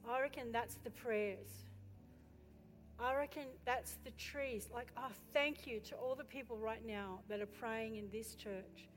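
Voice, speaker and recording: A woman pastor preaching a sermon with passion, building to loud exhortation and turning to the congregation with chatty questions and asides. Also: fairly high pitch, fairly even intonation, a little slow. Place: church. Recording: echoey hall with faint music.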